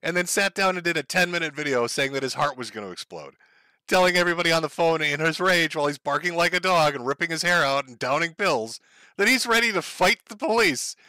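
Man, stream host, mocking commentary, lively pitch, bright tone, dry close sound. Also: quick pace, no room sound. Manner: laughs often, sneering and gleeful. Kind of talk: mocking commentary over clips.

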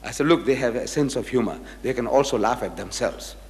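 In a large-sounding space, an older man with a mid-range voice lectures on religion a little quickly. His talk is built on anecdotes, and he imitates the people he quotes.

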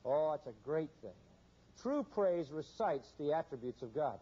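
Emphatic preacher with a dark, dull sound. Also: male voice, fairly high pitch, sing-song, moderate pace, breathy edge. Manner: emphatic, repetitive preaching cadence with acted quotes. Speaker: pastor. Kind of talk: sermon. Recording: dull lo-fi sermon recording.

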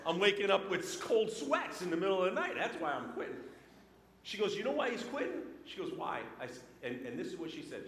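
A man preaching a sermon, telling a personal story with lively swings between loud and hushed delivery. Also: high-pitched, brisk, a little hiss or hum. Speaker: pastor. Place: church sanctuary. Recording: echoey church hall with long reverb.

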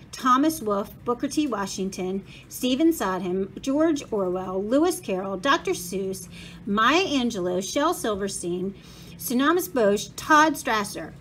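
A woman, a school principal, reading a children's novel aloud in a lively storytelling manner. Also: medium pitch, normal speed, slight background noise.

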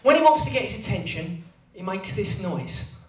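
High-voiced comic, echoey room. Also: male voice, very animated, normal speed. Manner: self-deprecating storytelling with character voices. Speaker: stand-up comedian. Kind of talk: stand-up comedy routine. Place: comedy venue. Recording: echoey venue, heard from far off, crowd laughing.

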